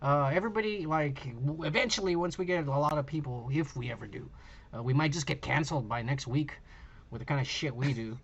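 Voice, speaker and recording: A man's voice: fairly high pitch, fairly quick, a bit bright, breathy edge, lo-fi sound. A man co-hosting a casual podcast, rambling and profane, with lots of fillers. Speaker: podcast co-host. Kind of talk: casual chat.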